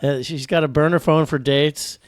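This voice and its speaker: A man's voice: a little high, steady tone, moderate pace, no echo, clean studio sound. A man hosting a podcast, telling stories in a rambling, joking way with many restarts. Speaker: podcast host. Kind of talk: casual podcast chat.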